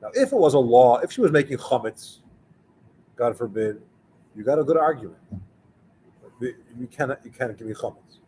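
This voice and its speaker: A man in a rabbi's storytelling sermon, talking in an easy, conversational way at a middle pitch. He slips into the voices of the people in his tale as he goes. A faint hiss of noise sits underneath. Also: expressive, normal speed, long pauses, mellow, poor audio.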